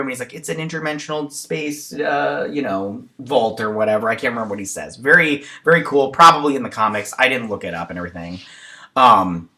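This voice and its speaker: Bright-voiced man rambling through a recap. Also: mid-range voice. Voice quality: rambling, full of fillers and tangents. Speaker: show reviewer. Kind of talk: casual episode recap.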